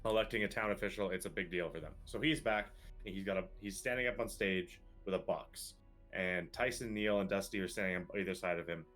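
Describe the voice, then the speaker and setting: A man's voice: deep voice, fairly quick, fairly bright tone, soft background music. A man narrating a tabletop game as game master, in a rambling, loose way.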